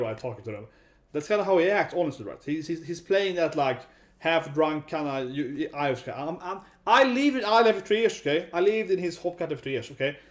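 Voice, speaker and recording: A man giving a casual, rambling commentary vlog, often tagging sentences with 'right?'. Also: fairly high pitch. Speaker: YouTube commentator.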